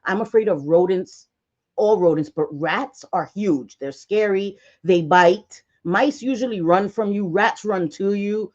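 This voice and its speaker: A woman hosts a casual livestream, mid-pitched and talkative, rambling through stories with easy laughs and plenty of swearing. The stream audio comes through somewhat dull and lo-fi. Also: a little slow, darkish tone. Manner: chatty storytelling, swears freely; frequent laughs and restarts. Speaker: livestream host.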